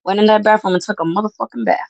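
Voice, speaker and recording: Woman host, loud and profane storyteller, mid pitch, dry close sound. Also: rapid-fire, dry recording, muffled recording. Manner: brash, profane, animated storyteller. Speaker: podcast host. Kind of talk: casual storytelling chat.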